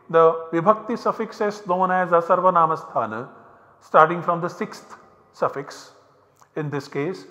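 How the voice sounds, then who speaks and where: A man with an Indian English accent giving a recorded university lecture, explaining step by step with measured pauses. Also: fairly high pitch, pushed and bright. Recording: dull, hall-like lecture recording.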